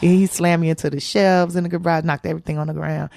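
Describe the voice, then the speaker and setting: Animated, profane woman telling her story. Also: on the low side, fast, vocal fry, no room sound, clean studio sound. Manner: slangy casual speech. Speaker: guest comedian. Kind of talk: candid storytelling interview.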